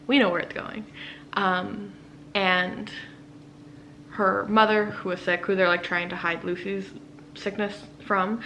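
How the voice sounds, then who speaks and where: A woman vlogger chatting loosely through a book recap. Her pitch sits in an ordinary middle range. A faint hiss runs under her voice. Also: poor audio. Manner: rambling and enthusiastic, many fillers, with hushed asides. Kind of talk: casual book summary chat.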